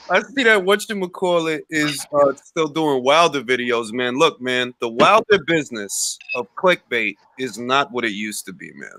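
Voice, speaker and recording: Bright-voiced slangy man hosting. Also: medium pitch, lively intonation, normal speed, hardly any pauses. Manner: slangy, laughs often. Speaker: boxing livestream host. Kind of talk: casual livestream chat.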